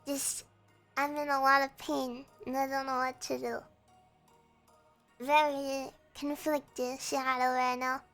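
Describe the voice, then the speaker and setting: A young woman streaming, with a hoarse, croaky voice, chatting hesitantly and reading viewer messages aloud. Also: high voice, flat delivery, a bit bright, soft background music. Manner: slow, hesitant, reads chat aloud and answers. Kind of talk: casual chat with viewers.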